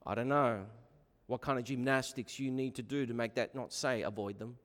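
A man's voice: medium pitch, steady tone, normal speed, fairly bright tone, big-room sound. A man preaching a sermon as pastor, emphatic and full of rhetorical questions.

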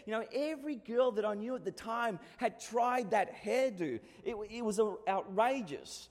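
Australian preacher in an echoing hall. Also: male voice, high-pitched, animated, normal speed. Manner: conversational, storytelling preaching. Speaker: pastor. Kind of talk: sermon. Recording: long reverb of a hall.

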